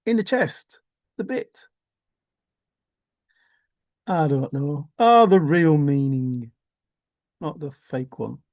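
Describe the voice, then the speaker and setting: A man's voice: fairly high pitch, slow, pauses often, a little mellow, dry recording, studio quality. Rambling man thinking aloud. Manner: musing aloud, wandering, swears casually, laughs to himself. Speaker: vlogger. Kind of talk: rambling monologue.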